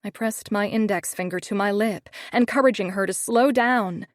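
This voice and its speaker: A woman's voice: medium pitch, moderate pace, hardly any pauses, no echo. A woman narrating a first-person romance audiobook in a wry, snarky tone, on a studio microphone.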